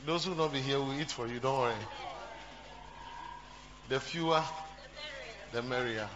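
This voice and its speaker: A man's voice: mid-range voice, moderate pace. A man preaching a sermon to his congregation, repeating phrases and asking the crowd questions. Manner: repetitive, talks to the congregation, jokes and asks questions. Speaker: pastor. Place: church. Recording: dull recording with humming noise.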